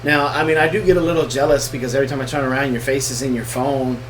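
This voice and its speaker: A man's voice: medium pitch, fairly even intonation, fast talker. A man co-hosting a casual live question-and-answer chat, joking and teasing as he talks. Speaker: co-host of homestead channel. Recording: distant mic with noisy background.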